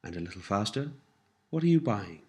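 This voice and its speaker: A man giving an audio language lesson, prompting phrases and explaining pronunciation in a deliberate instructional manner. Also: fairly low pitch, sing-song, darkish tone. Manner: slow, deliberate instructional delivery with repeated prompts. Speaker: language teacher.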